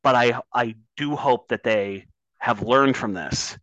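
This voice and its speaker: A man's voice: medium pitch, slow, a bit bright, no echo, poor audio. Impassioned man on a sports podcast. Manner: impassioned, swears when worked up. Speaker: podcast co-host. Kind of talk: casual sports talk.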